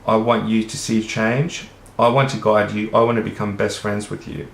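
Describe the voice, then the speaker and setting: Gravelly Australian man rambling earnestly. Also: fairly low pitch, level tone, normal speed. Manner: earnest, rambling, casually profane. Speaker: vlogger. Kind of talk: rambling monologue to camera. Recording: roomy echo.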